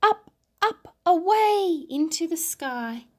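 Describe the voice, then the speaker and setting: A woman narrating a children's storybook with expressive, dramatic emphasis. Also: extremely high pitch, slow, noisy background. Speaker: audiobook narrator.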